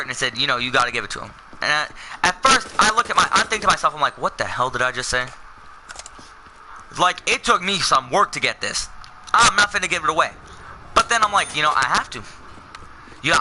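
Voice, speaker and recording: A man's voice: a little high, big pitch swings, fast, background noise. A young man telling a personal story in a casual, rambling way, full of fillers and self-corrections. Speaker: vlogger.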